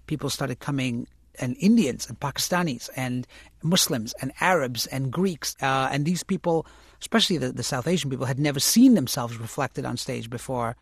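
A man being interviewed about his acting career, talking reflectively and correcting himself as he goes, turning lively when he tells stories. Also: mid-range voice, moderate pace, vocal fry, slightly rough, no room sound, studio quality. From United States, immigrant family. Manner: thoughtful, self-correcting, animated when recounting stories. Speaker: interview guest, actor and author.

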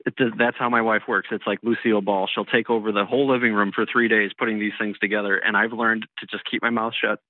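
A man in his thirties from Illinois chats with a radio host over a thin, phone-like line. His voice sits fairly low and the sound is dry. He rambles easily and chuckles often. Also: little pitch movement, quick pace, hardly any pauses, no room sound. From Illinois, USA. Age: 30s. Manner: laid-back, chuckling, rambling. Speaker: caller on a radio show. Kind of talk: casual phone interview. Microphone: telephone.

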